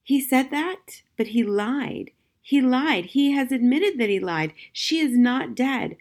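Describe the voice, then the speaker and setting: A woman reading an audiobook, voicing a fiery, excitable middle-aged wife who speaks emphatically and indignantly. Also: high-pitched, slow pace, voice pushed up, exaggerated voice. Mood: insistent. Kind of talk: audiobook character voice.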